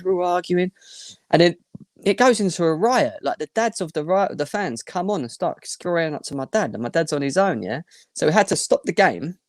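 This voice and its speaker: A young man, animated and rambling as he tells a story as a podcast guest. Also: a little high, dry recording, studio quality. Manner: animated, rambling anecdote with restarts. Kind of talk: casual storytelling.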